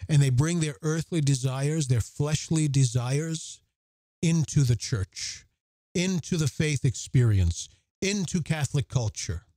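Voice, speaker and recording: An earnest man hosting a podcast, his voice mellow and warm. He leans on repeated phrases for emphasis and moves between reading passages aloud and talking them through, recorded dry and close. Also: fairly high pitch, lively intonation, a little slow, dry recording. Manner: reads scripture aloud and comments on it. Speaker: podcast host. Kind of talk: reflective Catholic podcast commentary.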